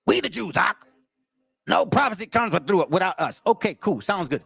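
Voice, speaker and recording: A man's voice: high-pitched, lively intonation, moderate pace, creaky, fairly bright tone, husky, no room sound. Combative man lecturing from a book. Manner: combative, lecturing straight at the audience; stumbles and restarts while reading aloud. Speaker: channel host. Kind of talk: reading aloud from a history book with running commentary.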